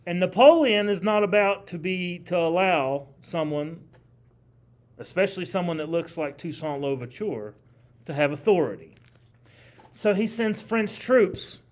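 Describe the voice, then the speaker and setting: A man teaching a history class in a classroom, talking casually and quizzing his students with questions. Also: high-pitched. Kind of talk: classroom lecture.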